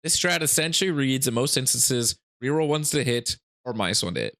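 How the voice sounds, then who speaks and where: A man's voice: mid-range voice, lively intonation, fairly quick, gravelly, sharp tone. Casual man breaking down game rules. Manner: rambling, laughing asides, frequent restarts. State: hiccups. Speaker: gaming channel host.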